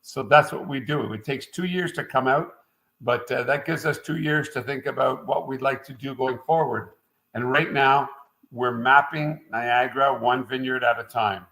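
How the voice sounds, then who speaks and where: Storytelling as a guest in a laid-back interview, this middle-aged Quebec winemaker drifts between anecdotes, dropping "uh" often. He keeps an ordinary pitch, moderate pace and loose, conversational tone, captured on a low-quality recording.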